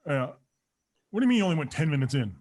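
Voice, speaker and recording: A man hosting a podcast, chatting casually and chiming in with quick quips. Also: fairly high pitch, very animated, darkish tone. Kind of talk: casual chat.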